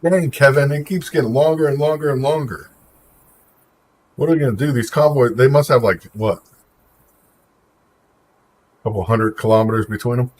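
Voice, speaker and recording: Here a man hosts a live stream, speaking at medium pitch and a moderate pace with frequent pauses. He's casual and opinionated, reacting to viewer comments and talking back to chat by name.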